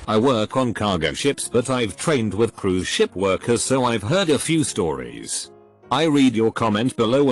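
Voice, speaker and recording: A man narrating a run of internet forum stories in a steady, even reading voice, with faint music behind him. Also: on the low side.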